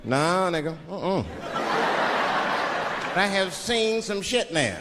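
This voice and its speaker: A man's voice: high-pitched, slow pace, heavy background noise. A man doing a stand-up comedy routine on stage, telling stories with sudden voice impressions, speaking into a handheld mic. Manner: animated storytelling with sudden voice impressions. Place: large theater stage. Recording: live show in a reverberant hall with crowd laughter. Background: audience laughing.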